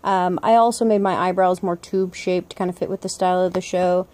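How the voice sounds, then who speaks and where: A woman's voice: fairly low pitch, steady tone, brisk, dark tone. A young woman chatting casually and upbeat as she narrates her own art video, laughing often. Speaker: vlog host, artist. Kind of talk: casual voice-over commentary.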